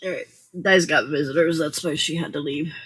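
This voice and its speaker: A woman's voice: deep voice, steady tone, brisk, a bit bright, breathy edge. A woman hosting a late-night crafting livestream, chatty and giggly as she talks through each step at her craft table at home. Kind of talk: casual chat while crafting.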